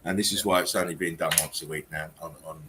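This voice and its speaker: A man's voice: sits low, fairly even intonation, quick pace, background noise. A man hosting a casual online chat, reading out memes and laughing heavily until he is in tears. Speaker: channel host.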